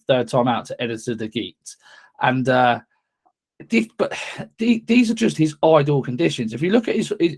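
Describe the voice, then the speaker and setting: Hesitant male racing tipster. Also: medium pitch. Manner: hesitant, restarts often. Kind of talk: casual podcast chat.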